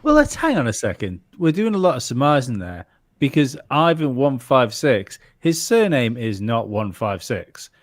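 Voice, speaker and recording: A man on a live discussion panel, talking in a measured, skeptical way. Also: mid-range voice, sing-song, no room sound, studio quality.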